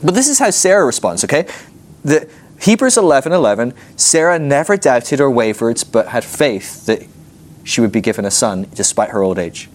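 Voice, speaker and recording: A man teaching a Bible class, telling the story with animated energy and often laughing at his own points. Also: mid-range voice, moderate pace. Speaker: ministry school teacher.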